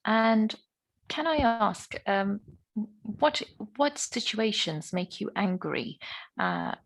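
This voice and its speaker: Woman teacher, video call lesson, patient prompting questions, encouraging, gravelly voice. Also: medium pitch, sing-song, slow, rough recording. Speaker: English teacher. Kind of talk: online speaking lesson.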